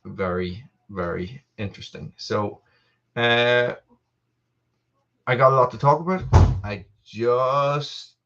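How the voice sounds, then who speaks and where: Irish dad rambling through a live stream. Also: male voice, medium pitch, slow, pauses often, pushed and bright, muffled recording. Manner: rambling, self-interrupting, greeting viewers. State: a little out of breath. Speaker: livestream host. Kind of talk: casual live chat. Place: family home.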